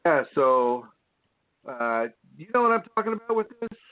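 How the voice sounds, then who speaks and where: Guy preaching on a call-in radio show, tinny phone sound, animated, laughs a lot. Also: a little high, normal speed. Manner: animated, mimics whiny voices, laughs often. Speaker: radio show host and spiritual teacher. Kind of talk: spoken teaching on an internet radio show. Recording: tinny phone line, dry.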